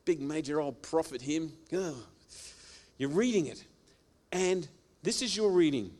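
Man preaching with sweeping loud-soft swings. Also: fairly high pitch, expressive, moderate pace. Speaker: pastor. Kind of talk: sermon.

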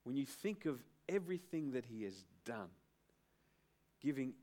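A middle-aged man preaching a sermon as pastor, emphatic, with dramatic pauses and build-ups. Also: mid-range voice, big pitch swings, mellow.

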